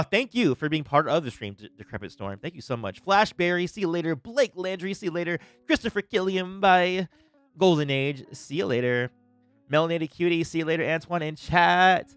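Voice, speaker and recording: A man's voice: fairly high pitch, fairly bright tone, smooth, dry recording. A man hosting a livestream in a casual, rambling way, with plenty of filler words as he chats with viewers. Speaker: livestream host.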